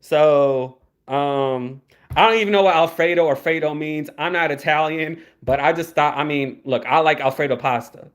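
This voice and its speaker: A man's voice: on the high side, moderate pace. A young man giving casual livestream commentary, rambling, repeating words and swearing freely. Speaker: YouTube commentator.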